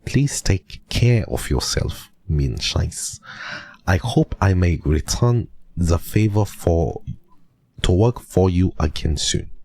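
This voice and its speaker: A man voicing a grateful German servant woman reading her letter aloud, with a put-on German accent and a slow, earnest, raised voice. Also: low voice, expressive, vocal fry, a little mellow, no room sound, voice pushed up, heavily acted.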